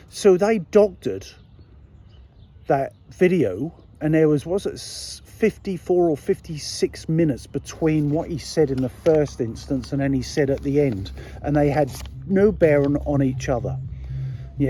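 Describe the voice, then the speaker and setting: A man's voice: a little high, mellow. Indignant, sweary English man ranting. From England. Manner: blunt, indignant, sweary, rhetorical questions. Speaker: political commentary vlogger. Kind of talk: casual ranting monologue.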